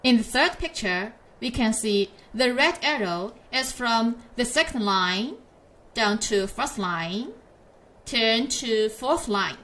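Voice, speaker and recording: Slow, patient woman teaching pinyin. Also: on the high side, lively intonation, a bit bright. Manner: slow, patient, drawn-out model syllables for repetition. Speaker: Chinese teacher. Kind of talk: pinyin lesson for learners.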